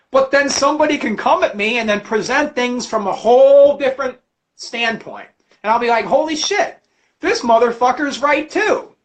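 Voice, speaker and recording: A man hosting a livestream, ranting about religion with constant cursing and animated storytelling. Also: extremely high pitch. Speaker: livestream host. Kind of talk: profane religious rant.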